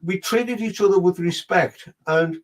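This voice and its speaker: A man's voice: high-pitched, unhurried, low-quality recording. A man giving a psychic reading, rambling as he relays what a spirit tells him. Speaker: medium.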